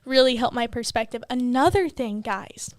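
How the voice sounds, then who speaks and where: A woman's voice: on the high side, moderate pace, no echo. A young woman and new mom co-hosting a podcast, rambling candidly with lots of "like" and casual swearing. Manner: rambling, heavy on "like", swears freely.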